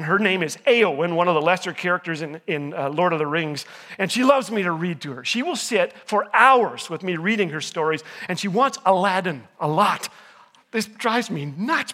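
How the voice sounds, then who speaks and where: An older man preaches with a very high voice that sounds sharp and bright. He strings together jokes and stories and teases the live audience when they miss the punchline. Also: in a large hall. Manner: jokey storyteller, teases the audience. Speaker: chapel speaker. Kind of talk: humorous sermon with jokes.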